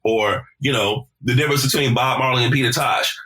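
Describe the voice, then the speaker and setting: A man guesting on a podcast, telling stories in a casual, animated, profane way and repeating words as he starts his sentences. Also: mid-range voice, brisk. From South Carolina. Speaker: podcast guest, deejay and emcee. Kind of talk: casual conversational storytelling.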